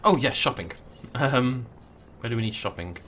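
Male let's player, casual, jokey, theatrical swings in pitch. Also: lively intonation, moderate pace, a bit bright, a little hiss or hum. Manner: playful, jokey, mock-dramatic. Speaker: gameplay commentator. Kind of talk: casual let's play commentary.

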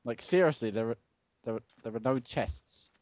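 A young man banters goofily while co-hosting a game video. His pitch swings widely as he talks. He is heard close and dry, with no room sound. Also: lively intonation, normal speed, a little mellow, no echo. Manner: goofy, playful banter. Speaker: gaming co-host. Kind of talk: casual Let's Play commentary.

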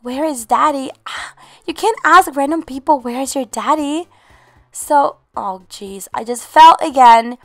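A woman hosting a game roleplay video, commentating in an animated, exclaiming way and talking motherly to her in-game baby. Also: high voice, measured pace, no room sound, studio quality, soft background music. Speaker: channel host.

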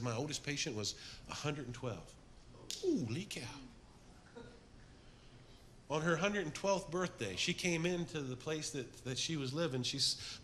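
A middle-aged man preaching a sermon to a men's group, telling stories with energy and then dropping to a soft, earnest appeal. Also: fairly high pitch. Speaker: men's ministry speaker.

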